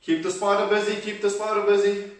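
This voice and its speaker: A man's voice: sits high, flat delivery, fairly quick. A man leading a children's workout, cheerfully encouraging and counting reps aloud, sometimes out of breath. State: out of breath at times. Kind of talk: leading a kids' exercise class. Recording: very echoey room, voice from a distance.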